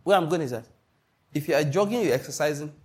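Husky man preaching emphatically. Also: a little high, lively intonation, quick pace, a little mellow. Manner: emphatic preaching with call-and-response questions. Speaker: pastor. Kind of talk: sermon.

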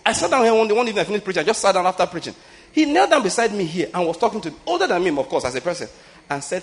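A man, preaching a sermon in a loose, conversational way. His voice sits high for a man and has a husky edge. He keeps asking his listeners whether they follow him and drops into stories along the way. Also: sing-song, very fast. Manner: asks listeners if they get his point, tells anecdotes. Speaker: pastor.

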